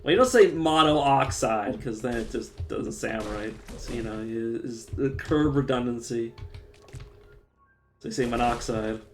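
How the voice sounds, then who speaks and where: A man's voice: medium pitch, moderate pace, faint music behind. A young man streaming live, chatting casually with lots of swearing, fillers and restarts. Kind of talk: casual rambling chat while gaming.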